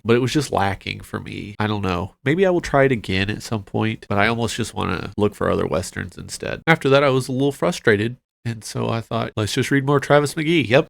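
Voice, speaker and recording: Gravelly-voiced man chatting about books. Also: lowish voice, no echo. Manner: chatty, rambling, with frequent fillers and quick asides. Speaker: book channel host. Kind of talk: casual book wrap-up vlog.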